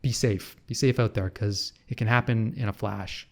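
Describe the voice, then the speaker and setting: A man's voice: fairly low pitch, fairly even intonation, normal speed. A man from Canada with a Canadian accent, talking in a casual, chatty vlog style with sarcastic asides. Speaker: travel vlogger.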